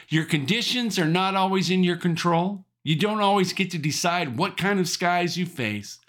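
A man preaching a sermon, emphatic and animated, repeating rallying phrases with the odd chuckle. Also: high voice. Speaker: pastor.

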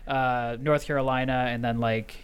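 A man's voice: medium pitch, little pitch movement, normal speed, clean tone. A man from Chicago co-hosting a podcast, blunt and swearing freely in casual chat. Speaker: podcast host.

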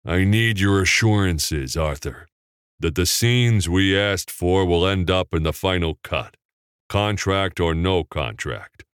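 A man voicing a tall, cunning, cruel older studio man in an audiobook, speaking smoothly with quiet menace. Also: low voice, slow pace, dry recording. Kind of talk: audiobook character voice.

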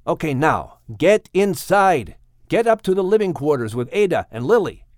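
A man's voice: a little high, sing-song, normal speed, no room sound, clean studio sound, pitched above the performer's own voice. A man voicing a firm old patriarch. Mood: urgent. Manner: urgent, commanding instructions. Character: aged male patriarch, firm and caring. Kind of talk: audiobook character reading.

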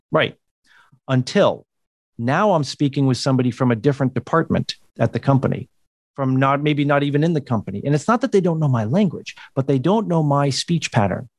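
A man's voice: mid-range voice, dry recording, clean studio sound. A man from the United States, a communication coach, explaining things in a podcast interview with occasional laughs.

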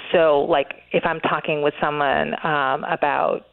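A woman's voice: sits low, steady tone, a little slow, creaky, smooth. A woman being interviewed, talking earnestly with many fillers and restarts. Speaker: interview guest, author. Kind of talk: radio interview, conversational. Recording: phone-line interview audio.

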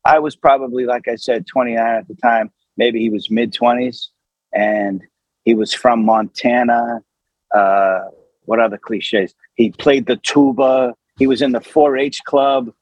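A man, an actor, telling an anecdote in an animated, conversational way with lots of fillers. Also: medium pitch, unhurried, no echo, lo-fi sound. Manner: animated, with many fillers and acted quotes.

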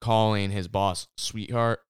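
Low-voiced man in casual chat. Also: fairly even intonation, takes it slowly. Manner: chatty, recaps shows with quoted impressions.

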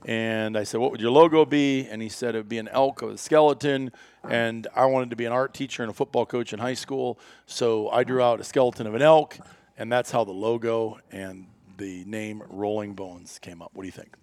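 A man's voice: medium pitch, steady tone, fairly quick, darkish tone, no room sound. A middle-aged American man, a company founder, telling a long story in a casual interview, rambling with many fillers and restarts.

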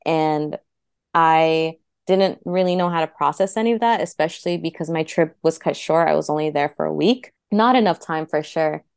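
Smooth low-pitched young woman, dry sound. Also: normal speed, a little mellow, no echo. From United States. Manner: chatty, heavy use of "like", heartfelt. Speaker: interview guest. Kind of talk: casual personal storytelling.

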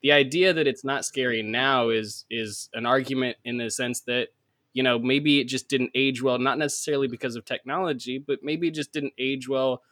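A man's voice: medium pitch, steady tone, moderate pace, a bit bright, no echo. A man co-hosting a podcast in casual chat, sarcastic and swearing as he argues his points. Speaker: podcast co-host.

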